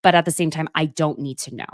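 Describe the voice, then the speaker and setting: A woman's voice: low-pitched, dry recording, clean studio sound. A woman in her thirties hosting a casual live gossip chat, chatty and fond of pet names and self-mocking asides. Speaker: host of a gossip show.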